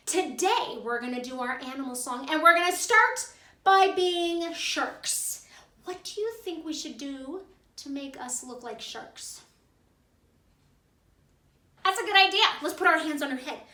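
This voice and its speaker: A woman leading a preschool music class in an animated, sing-song way for young children. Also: high voice, a little slow, far from the mic. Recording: echoey room, voice from off-mic, music behind.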